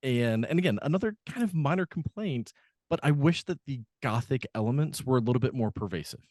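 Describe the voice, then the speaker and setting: A podcast co-host chats about a film in a mid-range, darkish voice with lively intonation, speaking a little fast. The studio sound is clean and echo-free, and he rambles with frequent fillers and restarts.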